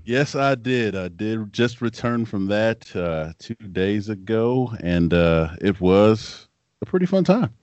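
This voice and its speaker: Low-voiced man telling animated stories. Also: slow pace, no echo. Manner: animated storytelling, laughs often. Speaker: podcast co-host, former football player. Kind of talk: casual podcast chat. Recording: dry, dull lo-fi sound.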